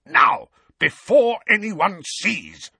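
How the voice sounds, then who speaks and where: A man's voice: medium pitch, sing-song, unhurried, a bit bright, husky, dry recording, voice pushed up, full character voice. A man reading aloud and voicing a blustering, bullying middle-aged uncle who snarls in a strained, raised voice. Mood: snarling.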